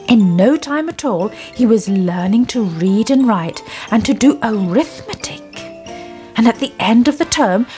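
A woman narrating a children's storybook in a deliberate, expressive reading. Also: on the high side.

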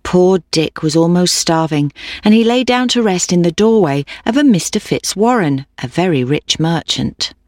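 Storyteller: woman, gentle storybook read, dry close sound. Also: fairly low pitch, animated, normal speed, no echo. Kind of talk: storybook narration.

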